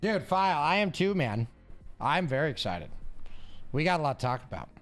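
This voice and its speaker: A man's voice: on the high side, big pitch swings, normal speed, fairly bright tone. A man streaming live and thinking aloud as he sounds out word guesses and greets his chat. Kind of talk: casual live-stream chat while solving a word puzzle. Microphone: headphones with mic. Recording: faint music behind.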